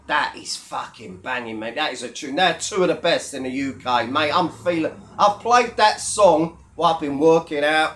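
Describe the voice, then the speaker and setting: A man's voice: fairly high pitch, fairly bright tone. A man giving a blunt, mocking commentary on a video channel, swearing heavily as he rants. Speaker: YouTube commentator. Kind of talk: ranting commentary vlog.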